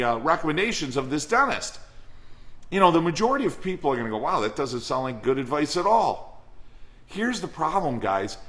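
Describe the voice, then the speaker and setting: Male chiropractic coach, bright forceful voice, earnest and repetitive, rhetorical questions to peers. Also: on the high side. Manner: acts out dialogue in an everyday voice. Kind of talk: motivational talk to colleagues.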